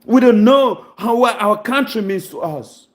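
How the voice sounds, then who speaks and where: A man's voice: high-pitched, animated, a little slow. A Congolese man giving an impassioned, preaching monologue, full of rhetorical questions and close to tears with emotion. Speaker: channel host.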